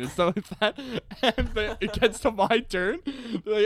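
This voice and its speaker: A man's voice: high-pitched, normal speed, few pauses. A man co-hosting a casual podcast, telling stories with lots of laughter and acting out what people said. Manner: laughs often, animated storytelling with acted-out quotes. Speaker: podcast co-host.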